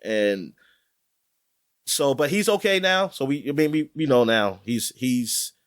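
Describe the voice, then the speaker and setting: A man co-hosting a podcast in casual chat, rambling and animated, with many fillers and restarts. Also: mid-range voice, measured pace. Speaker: podcast co-host. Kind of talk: casual chat about sports.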